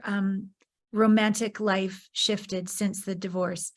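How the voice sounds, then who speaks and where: Woman host, mid pitch, affirming and frank, conversational interview delivery. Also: brisk. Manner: warm, encouraging and outspoken. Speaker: podcast host.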